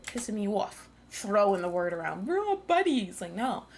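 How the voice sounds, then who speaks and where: A woman's voice: medium pitch, very animated, moderate pace, slight background noise. A woman streamer chatting casually while reading a visual novel aloud, sarcastic and full of profanity. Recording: game music under the voice. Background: game music.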